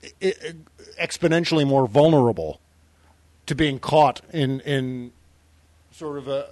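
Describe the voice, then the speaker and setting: A man's voice: mid-range voice, measured pace, darkish tone, dry recording. A man co-hosting a podcast in casual chat, laughing easily and restarting his sentences with lots of "uh"s. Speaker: podcast co-host.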